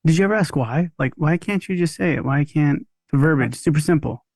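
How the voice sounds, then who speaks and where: A male podcast host with a slightly high voice, recorded close and dry with no room sound. He asks curious, quick follow-up questions. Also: creaky, darkish tone, dry recording. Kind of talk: interview questions.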